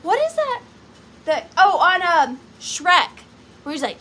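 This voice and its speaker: A woman's voice: extremely high pitch, big pitch swings, slow pace, bright, forceful tone. A young woman selling vintage items in a bubbly, playful live sale, chatting to her pieces as if they were friends. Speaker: online vintage seller. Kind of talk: casual live sale chat.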